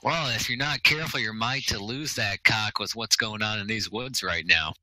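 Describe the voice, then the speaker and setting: A man's voice: lowish voice, normal speed, pushed and bright, poor audio. A man voicing a sardonic male ranger who makes dry, mocking jokes.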